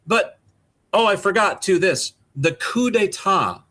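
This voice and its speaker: A man's voice: high-pitched, expressive, takes it slowly, pushed and bright. A man co-hosting a casual podcast, rambling and swearing through exasperated rants. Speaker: podcast co-host.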